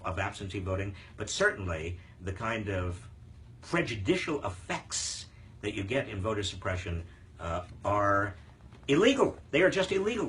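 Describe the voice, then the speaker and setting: An older man hosts a live politics Q&A, answering viewer questions emphatically with lots of fillers and restarts. His voice sits in the mid range and sounds slightly bright.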